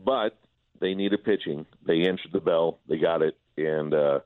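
Male baseball broadcaster phoning in, deep voice, tinny phone audio, loose chatty delivery full of restarts. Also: measured pace, no room sound. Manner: repetitive, stumbling restarts. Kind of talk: casual sports talk by phone.

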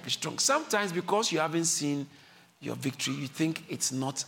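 A man preaching a sermon with passion, repeating his lines and climbing to high shouts, with a congregation answering him. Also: expressive, moderate pace, vocal fry, slight background noise. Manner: impassioned, repeats phrases, builds to high shouts. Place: church service. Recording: live congregation audible.

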